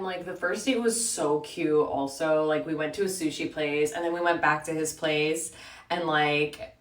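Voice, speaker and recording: A young woman in her twenties telling a storytime while getting ready, chatty and animated, full of "like". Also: lowish voice, reverberant, recorded from a distance. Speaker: vlogger.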